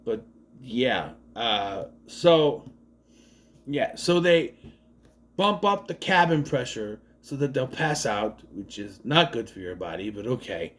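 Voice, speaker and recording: Rambling sarcastic man with a lively voice. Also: mid-range voice, slow. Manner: rambling, sarcastic, swears, frequent restarts. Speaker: movie reviewer. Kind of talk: casual spoken movie review.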